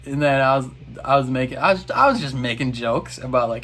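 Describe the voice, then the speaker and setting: A man's voice: medium pitch, brisk, fairly bright tone, a little hiss or hum. A man in a casual reaction video, recapping an episode in a rambling, exasperated way.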